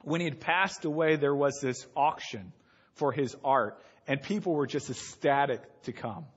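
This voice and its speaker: A pastor preaching a sermon, telling a story and then building to emphatic points. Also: male voice, medium pitch, moderate pace, husky, lo-fi sound.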